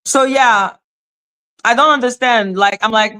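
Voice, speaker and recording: A woman hosting a casual live stream, bluntly scolding her chat with profanity and sudden swings between high exclaims and low asides. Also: unhurried, sharp tone. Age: adult, former high school teacher.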